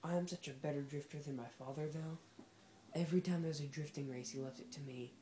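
A woman's voice: low-pitched, steady tone, fairly quick, warm tone, a little hiss or hum. A woman giving casual, sarcastic commentary while playing a racing game, talking back at the game's characters. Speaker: gameplay commentator.

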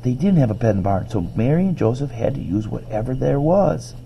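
Man voicing a patient, gentle mother. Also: medium pitch, big pitch swings, fairly quick, gravelly, slight background noise, low-quality recording. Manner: gentle and explaining. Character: patient churchgoing mother reading scripture.

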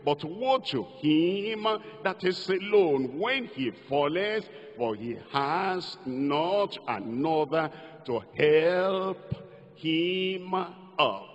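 An older Nigerian-accented pastor preaches a sermon, leading the congregation in call-and-response and sing-song declarations, captured in a lo-fi hall recording. His voice is fairly high with lively intonation, and he speaks very slowly.

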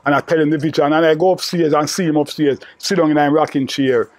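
An older man from Jamaica recounts the old days in broad patois, his voice pitched somewhat high. The sound is dry and close, with no room around it. He rambles and repeats himself, with "you know" in nearly every line. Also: fairly even intonation, quick pace, no room sound. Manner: repetitive, peppered with "you know". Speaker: interviewee recalling old friend. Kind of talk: rambling oral storytelling.

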